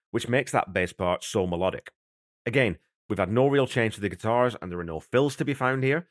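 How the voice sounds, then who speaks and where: A man with a fairly low voice hosts a music podcast, walking through a song's production in an easy, conversational way. He sounds enthusiastic about the music he is explaining. The recording is dry, with no room echo. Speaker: podcast host. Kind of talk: podcast song breakdown.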